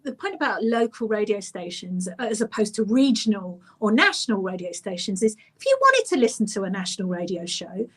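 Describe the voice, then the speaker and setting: A woman with an Estuary English accent, a radio presenter chatting as a guest and telling animated stories with acted-out voices. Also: medium pitch, brisk, hardly any pauses, breathy edge. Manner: animated storyteller, acts out voices. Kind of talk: casual chat.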